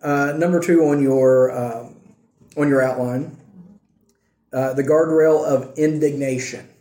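A man's voice: mid-range voice, steady tone, slow pace, warm tone, echoey room. A man teaching a church class on marriage, often asking the class questions and checking in with "okay" and "right". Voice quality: says he has trouble with R's.

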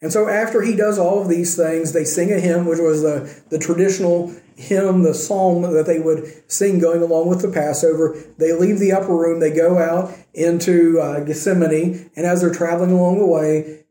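A man's voice: on the high side, steady tone, moderate pace, dark tone. A man preaching a sermon in a conversational way, acting out the quoted lines as he tells the story. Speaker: pastor. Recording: echoey room.

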